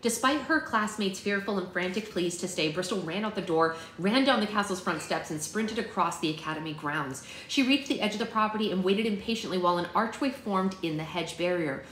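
A woman hosting a book club, reading a children's novel aloud in a steady, plain storytelling manner with small slips. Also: mid-range voice, a little fast, hardly any pauses, roomy sound, a little hiss or hum, poor audio.

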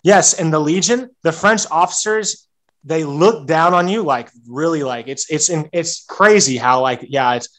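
A man's voice: a little high, unhurried, fairly bright tone. A young American man on a podcast, casually rambling with frequent restarts and "like" fillers. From United States. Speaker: guest, serving legionnaire.

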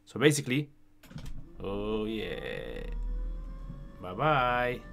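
A man's voice: fairly low pitch, wildly swooping pitch, extremely slow, creaky, fairly bright tone, a little hiss or hum. A man hosting a casual livestream Q&A, chatty and often tagging his sentences with "yeah?". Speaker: livestream host answering questions.

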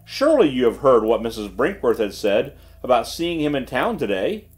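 A man's voice: mid-range voice, sing-song, moderate pace, lightly acted. A man voicing a nervous young army captain who speaks in tense, trembling bursts. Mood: agitated. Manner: tense, tremulous, blurting.

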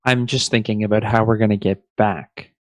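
A man playing a tabletop game, making cautious, low-key remarks. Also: steady tone, normal speed. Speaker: player. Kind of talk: casual tabletop play.

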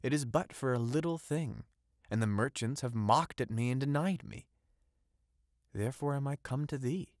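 A man's voice: mid-range voice, moderate pace, darkish tone, no room sound, clean studio sound, pitched above the performer's own voice, lightly acted. A man voicing an eager, naive young fisherman in an audiobook, raising his voice a little and talking earnestly. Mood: pleading.

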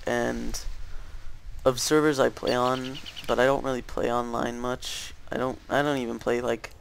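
A man's voice: mid-range voice, flat delivery, normal speed, vocal fry, a little hiss or hum. A young man rambling through casual gameplay commentary, hesitant, with many fillers and restarts. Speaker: gaming YouTuber.

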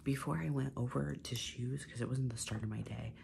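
A man's voice: medium pitch, fairly even intonation, brisk, gravelly, darkish tone, a little hiss or hum. A young man in his twenties whispering an ASMR vent while doing his makeup, chatty, swearing and full of "like". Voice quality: mostly unvoiced whisper. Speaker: ASMR creator.

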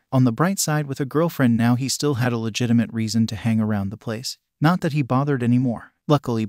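Man narrating fan fiction, even and literal, middle pitch, dry close sound. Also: dry recording. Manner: even, literal reading, reads out sound words. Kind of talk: reading fan fiction aloud.

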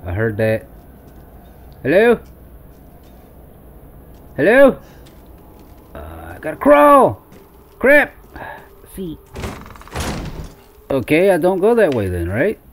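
A man's voice: sits high, huge pitch swings, slow, long pauses, a little hiss or hum. A young man playing a horror game, exclaiming and talking to his viewers as he goes. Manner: jumpy, exclaiming, talks to viewers as Wolfpack. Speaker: gaming YouTuber. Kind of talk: let's-play commentary.

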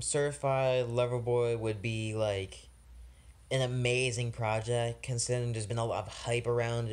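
Young male music reviewer, casual and rambling, frustrated, swears a lot. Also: fairly low pitch. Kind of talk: casual album review vlog.

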